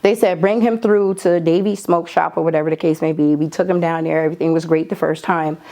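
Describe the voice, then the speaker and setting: A middle-aged New woman, an artist manager, recounts her side in a candid interview. She talks bluntly and animatedly, slipping into the voices of people she quotes. Her voice sits fairly low for a woman. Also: brisk. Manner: animated, acts out quoted lines, blunt and emphatic.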